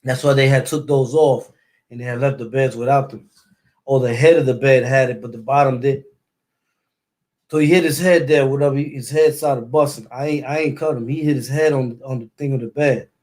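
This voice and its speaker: A man's voice: medium pitch, steady tone, brisk, a little mellow. Man with a New York accent telling a story. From East New York, Brooklyn. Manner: loose street slang, repeats words and sound effects. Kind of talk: casual storytelling.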